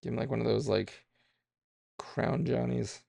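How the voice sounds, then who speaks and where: A man's voice: medium pitch, steady tone, measured pace, vocal fry, warm tone, dry recording, clean studio sound. A man streaming himself drawing, thinking aloud in a rambling, self-deprecating way with many fillers. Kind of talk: casual streaming chat while drawing.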